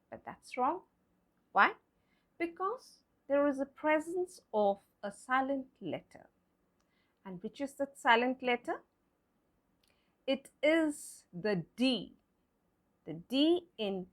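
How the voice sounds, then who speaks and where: High-voiced woman teacher, not a native english speaker, goes real slow and patient, spells stuff out letter by letter. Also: very animated, fairly bright tone. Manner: patient, deliberate explaining, spells words letter by letter. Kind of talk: pronunciation lesson.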